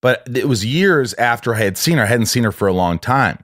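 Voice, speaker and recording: A man telling a long personal story in casual conversation, halting and restarting often. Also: mid-range voice, animated, a bit bright, dry recording, studio quality. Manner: rambling, halting, with many restarts.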